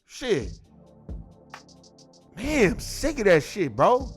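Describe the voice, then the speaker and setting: A man's voice: sits high, huge pitch swings, extremely slow, faint music behind. A man ranting in casual, profane commentary, irritated and repeating himself. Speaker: commentary host.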